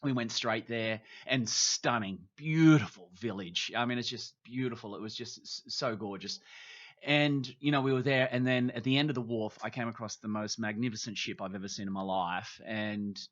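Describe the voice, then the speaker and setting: An Australian man in his fifties, a TV presenter telling travel stories on a podcast in a lively, animated way, acting out the voices of people he quotes. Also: mid-range voice, moderate pace, muffled recording. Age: 50s. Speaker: guest, TV presenter. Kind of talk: casual storytelling.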